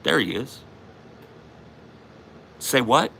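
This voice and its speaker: A man's voice: mid-range voice, big pitch swings, very slow, vocal fry, bright, forceful tone, a little hiss or hum. A man hosting a comedy show, taunting and profanely ranting in an aggressive, confrontational way. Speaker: comedy podcast host. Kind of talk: aggressive comic rant.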